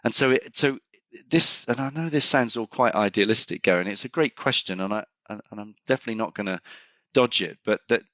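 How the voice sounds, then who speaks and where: A man's voice: lowish voice, a little fast, a bit bright, no echo. A middle-aged man, a consultant guest on a podcast, telling stories and thinking aloud with many restarts. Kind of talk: conversational podcast interview. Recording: slightly muffled, dry sound.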